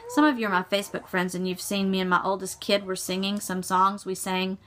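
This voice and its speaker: Chatty middle-aged woman, bright voice. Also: mid-range voice, fairly even intonation, a little fast. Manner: chatty, rambling, self-correcting. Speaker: cross-stitch vlogger. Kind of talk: casual chat.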